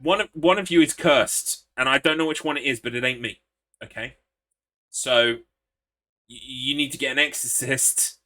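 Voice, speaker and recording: A man's voice: medium pitch, fairly even intonation, moderate pace, sharp tone, slight background noise. A man chatting casually while live-streaming a horror game, rambling, swearing and laughing as he greets viewers.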